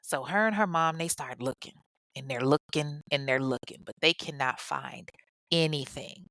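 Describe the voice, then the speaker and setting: A woman's voice: low-pitched, normal speed, vocal fry, no room sound. Chatty woman telling a true crime story. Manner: animated and chatty, acts out the people she quotes; goes off on tangents, swears casually.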